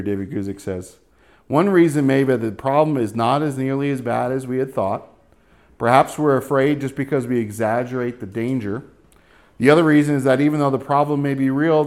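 A man's voice: mid-range voice, fairly quick, darkish tone. A middle-aged man preaching a sermon as pastor, in a casual, joking way, often checking in with "right?".

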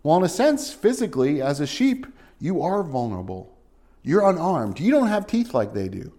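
A middle-aged man preaching a sermon in a conversational, folksy way, with homey asides and rhetorical questions, and a hushed, earnest tone when praying. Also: fairly high pitch, sing-song, moderate pace. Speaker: pastor.

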